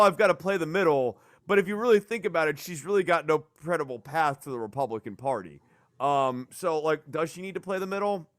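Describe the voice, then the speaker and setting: A man hosting a casual political podcast, talking in a rambling, animated way and swearing for emphasis. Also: a little high, dry recording, clean studio sound. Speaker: podcast host.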